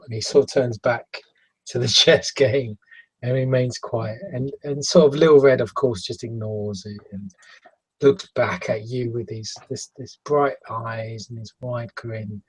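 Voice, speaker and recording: A man narrating as game master in a tabletop role-playing game, halting and searching for words. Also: medium pitch, fairly even intonation, husky, poor audio.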